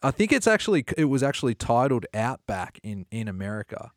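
A man, chatting about films as an animated storyteller. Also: mid-range voice, brisk, dry recording, clean studio sound. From Australia. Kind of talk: casual film discussion.

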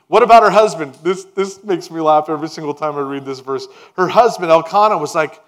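Animated pastor preaching, fairly high voice. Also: male voice, a little fast, few pauses. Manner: animated, emphatic preaching with laughs and voiced asides. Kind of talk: sermon.

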